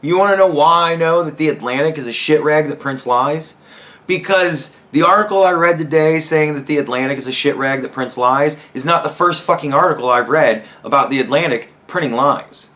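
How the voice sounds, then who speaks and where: A young man hosting a podcast, ranting heatedly with constant swearing and rising to shouts. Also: fairly high pitch, fairly quick. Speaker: podcast host. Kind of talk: profane rant commentary.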